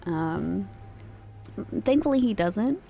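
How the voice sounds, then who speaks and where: A woman streaming live and chatting casually. She rambles from one thing to the next with light laughter, at a mid pitch. Faint music plays behind her. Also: animated, takes it slowly, creaky, warm tone. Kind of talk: casual chat.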